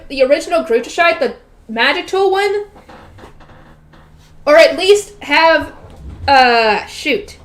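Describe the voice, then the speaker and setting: High-voiced woman reading a novel aloud. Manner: chatty, reacts loudly, swears, asks the audience questions. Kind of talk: book reading with casual commentary.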